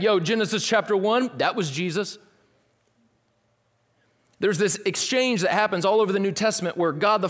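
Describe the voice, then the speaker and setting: A male pastor preaching a sermon in a casual, lively way, dropping slang asides. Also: high voice. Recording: long hall reverb.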